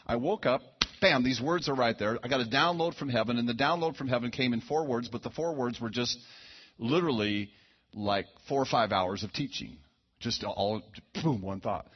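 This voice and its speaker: A man's voice: medium pitch, slightly rough. A man preaching a sermon, telling a personal story in a folksy, conversational way full of asides and restarts. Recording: dull lo-fi sound.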